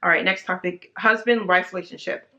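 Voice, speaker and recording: A woman's voice: lowish voice, steady tone, a little fast, pushed and bright, dull audio, a little hiss or hum. A young woman, a guest in a casual chat, telling stories animatedly with many fillers and acted-out quotes.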